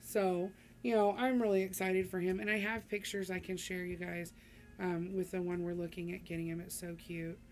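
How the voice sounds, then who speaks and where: A woman's voice: fairly low pitch, little pitch movement, moderate pace, faint music behind. A middle-aged woman chatting casually to her vlog audience, rambling with many ums and restarts. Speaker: vlogger. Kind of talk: casual chat to camera.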